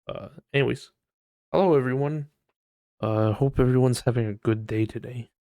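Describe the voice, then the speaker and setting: A man hosting a casual podcast on his own, talking in a loose, rambling way with plenty of swearing. His voice sits at an ordinary middle pitch. It is recorded close and dry, with no room sound. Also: normal speed, mellow, no echo. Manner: rambling, swears, mocks people in high put-on voices. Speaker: podcast host. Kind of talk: casual solo podcast chat. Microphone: desk mic on voice chat.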